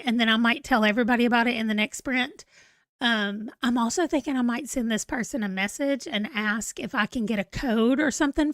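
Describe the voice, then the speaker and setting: Book channel host, woman, 40s, high bright voice, dry sound, chatty and rambling, reads viewer comments aloud. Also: no room sound. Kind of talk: casual livestream chat.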